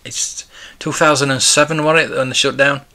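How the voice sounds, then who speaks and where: A man's voice: medium pitch, steady tone, normal speed, sharp tone. A man in his forties, hosting a casual live stream and chatting in a rambling, nostalgic way. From United Kingdom. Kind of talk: casual live-stream chat, reading viewer comments.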